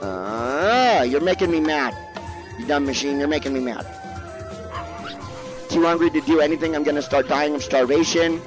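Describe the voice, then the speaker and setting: A man giving casual let's-play commentary, grumbling and yelping high when cornered. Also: lively intonation, moderate pace, pauses often, music in the background. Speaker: gaming video creator.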